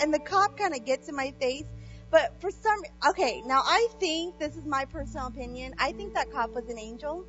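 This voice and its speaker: A woman telling a personal faith story in an animated way, acting out quoted speech and using many fillers. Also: high voice, normal speed, dull audio, faint music behind. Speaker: guest sharing a faith testimony.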